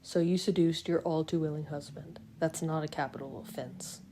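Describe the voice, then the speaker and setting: A woman reading the part of a calm, teasing young male vampire husband in a quiet, even, lowered voice. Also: normal speed, slight background noise, lightly acted.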